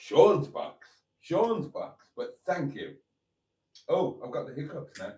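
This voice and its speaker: A man's voice: a little high, sing-song, takes it slowly, warm tone. A man hosting a casual live stream, chatting and reading viewer comments aloud.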